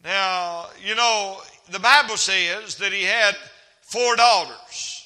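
A man's voice: sits high, slow pace, bright, forceful tone. A man preaching a folksy, humorous sermon as a traveling evangelist in a church. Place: church hall. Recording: reverberant church hall.

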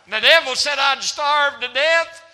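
Male evangelist, very high bright voice, folksy sermon delivery, church hall reverb. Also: unhurried. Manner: folksy preaching with humor and rising emphasis. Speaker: evangelist preacher.

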